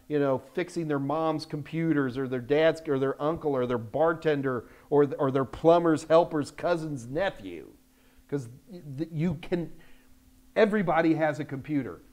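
An older man hosting a live question-and-answer stream, talking bluntly and emphatically and getting loud when frustrated. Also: fairly high pitch. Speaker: host answering viewer questions. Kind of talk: live Q&A chat. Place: Texas, United States.

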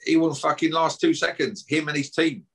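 A man's voice: fairly high pitch, fairly even intonation, moderate pace, gravelly, fairly bright tone, slightly rough. A man doing a swearing rant. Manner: aggressive, swearing, taunting. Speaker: podcast guest. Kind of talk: heated podcast rant.

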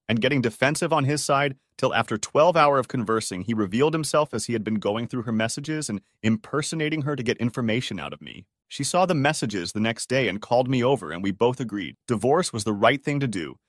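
A man reading online stories aloud as scripted narration, steady with sudden pitch jumps. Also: dry recording, clean studio sound.

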